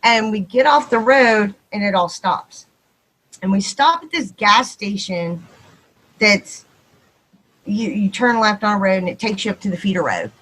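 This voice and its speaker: A woman with a Texan accent, probably in her thirties or forties, telling a ghost story on a podcast, quick and animated and acting out the dialogue. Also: medium pitch, rough recording. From Texas. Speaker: podcast guest. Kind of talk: casual storytelling.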